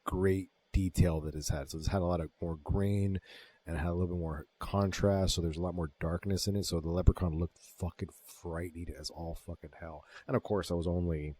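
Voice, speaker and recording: A man's voice: low-pitched, fairly even intonation, a little fast, warm tone, breathy edge. A man in his thirties co-hosting a podcast, casually retelling movie scenes in laid-back talk with plenty of swearing. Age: 30s. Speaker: podcast co-host. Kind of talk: casual movie-review chat.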